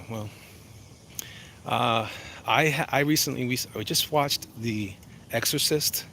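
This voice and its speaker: A man's voice: lowish voice, vocal fry, fairly bright tone, slight background noise, rough recording. A man chatting casually on a walking livestream, reading out chat messages, rambling and joking with frequent restarts. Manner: rambling, self-interrupting, jokey. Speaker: vlogger reading live chat. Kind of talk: casual walk-and-talk livestream. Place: outdoors walking.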